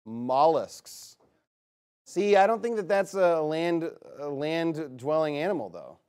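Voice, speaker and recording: A man leading a guessing game with a live group, reading out a long list in a chatty, upbeat way with quick asides. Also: a little high, very animated, darkish tone, smooth.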